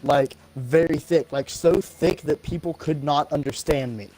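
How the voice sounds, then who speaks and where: This man from the American South has a fairly high voice for a man. He talks while gaming on a live stream, swearing freely and snapping at teammates when play goes wrong. He often gets tongue-tied, stops and starts again. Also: a little slow, darkish tone, poor audio. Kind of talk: casual chat while gaming.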